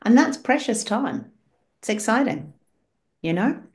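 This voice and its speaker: A woman's voice: on the high side, animated, a little slow. A woman leading an online prayer session on a video call, speaking in an encouraging, storytelling way. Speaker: prayer group leader.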